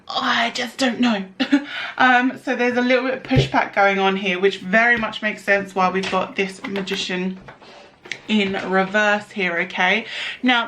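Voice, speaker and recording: A woman's voice: a little high, a bit bright. Chatty woman giving a tarot reading. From United Kingdom. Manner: chatty, rambling, many fillers and restarts. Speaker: tarot reader. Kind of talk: casual tarot reading to camera.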